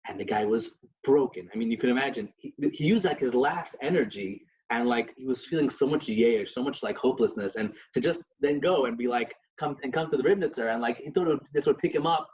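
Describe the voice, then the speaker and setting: A man's voice: mid-range voice, brisk, hardly any pauses, darkish tone. A man co-hosting a podcast, telling stories in a casual religious discussion with many restarts and Yiddish terms. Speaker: podcast co-host. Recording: dull lo-fi recording.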